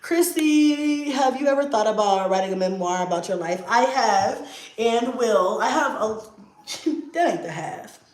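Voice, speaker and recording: A woman, telling a story in casual chat, animated and profane, laughing often. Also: on the high side, measured pace. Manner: animated, profane, laughs often, acts out her own past lines loudly. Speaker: vlogger answering viewer questions. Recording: echoey room.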